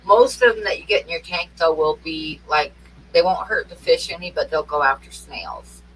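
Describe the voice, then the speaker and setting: Bright, calm matter-of-fact woman. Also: sits low, normal speed, recorded from a distance, slight background noise, rough recording. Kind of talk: casual chat.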